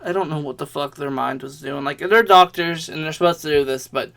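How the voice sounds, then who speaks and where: A man's voice: fairly high pitch, fairly quick, fairly bright tone. A young man vlogging a rambling personal story in a casual way, swearing often and laughing between lines.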